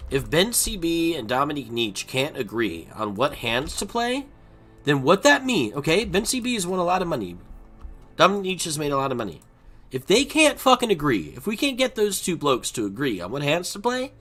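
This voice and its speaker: A man streaming poker and ranting unscripted, profane, swinging between mutters and shouting. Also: on the high side, very animated, brisk, soft background music. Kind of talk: unscripted rant while playing online poker.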